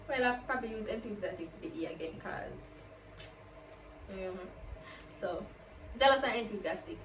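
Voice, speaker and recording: A woman's voice: medium pitch, slight background noise. A woman chatting casually as a vlogger, answering get-to-know-me questions and peppering her talk with "like". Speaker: YouTuber. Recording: roomy, distant from the mic, faint ambience.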